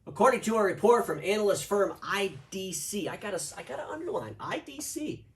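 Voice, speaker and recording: A man hosting an opinionated video commentary, sarcastic and animated, reading quotes aloud with mock emphasis. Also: high voice, fairly quick, recorded from a distance. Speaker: show host.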